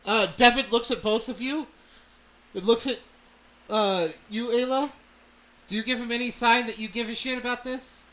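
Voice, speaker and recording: A man's voice: extremely high pitch, fairly even intonation, normal speed, pauses often, sharp tone, lo-fi sound. A man narrating a tabletop game as game master, loose and hesitant, with many fillers.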